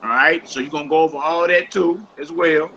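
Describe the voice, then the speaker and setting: A man's voice: a little high, steady tone, brisk, bright, forceful tone, a little hiss or hum. A man teaching a language class, patiently going over homework and repeating each instruction. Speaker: Hebrew teacher. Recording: dull lo-fi recording.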